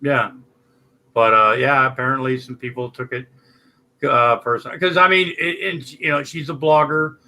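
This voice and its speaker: Bright-voiced man rambling on a livestream. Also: mid-range voice, fairly even intonation, normal speed, low-quality recording. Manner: rambling, loose, swears freely. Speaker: livestream host. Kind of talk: casual live-stream chat.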